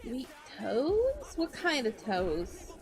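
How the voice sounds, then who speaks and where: Slow, playful woman streamer. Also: high-pitched, huge pitch swings, darkish tone, soft background music. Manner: playful and teasing, greets chat by name, silly noises. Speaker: VTuber streamer. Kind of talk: casual live-stream chat.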